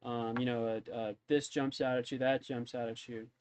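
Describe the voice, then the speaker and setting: A man's voice: mid-range voice, flat delivery, normal speed, darkish tone, a little hiss or hum. A man running a tabletop game as game master, narrating casually with lots of ums and likes. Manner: casual, filler-heavy narration. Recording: dull dry lo-fi mic.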